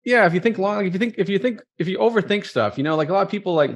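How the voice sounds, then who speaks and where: A man's voice: sits high, expressive. A man who is the guest entrepreneur on a podcast, talking casually and packing his sentences with fillers. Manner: fast-talking, full of fillers like "you know". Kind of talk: casual interview chat.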